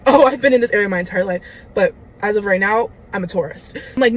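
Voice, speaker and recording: Woman, young adult, casual storytelling, animated, dramatic, lots of fillers, faint noise. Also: mid-range voice, fairly quick, rough recording. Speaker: storyteller in a clip.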